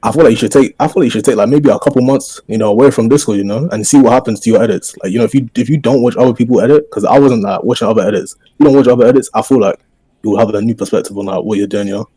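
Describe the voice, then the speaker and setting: Man, rapid speech, dark tone, dry close sound, casual podcast talk. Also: mid-range voice, slightly rough, no echo. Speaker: podcast guest editor. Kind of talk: casual chat.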